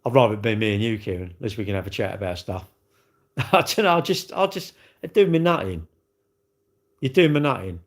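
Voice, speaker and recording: Speaking a little fast in a lowish, animated voice, a livestream host chats casually with viewers. He is blunt and talkative, wandering off topic and saying the same things over again.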